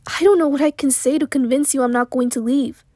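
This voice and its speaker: A tired, gentle man speaks slowly and softly, patient under his worry, voiced by a woman reading an audiobook. The voice is hoarse and mellow, a little higher than usual, and the recording is dry and close. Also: steady tone, no echo. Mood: worried.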